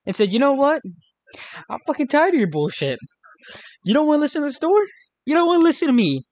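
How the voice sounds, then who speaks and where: A woman's voice: high-pitched, big pitch swings, fast talker, a little mellow, no room sound. A woman chatting casually, swearing freely and acting out comebacks. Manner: profane, acts out what should have been said. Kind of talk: casual chat.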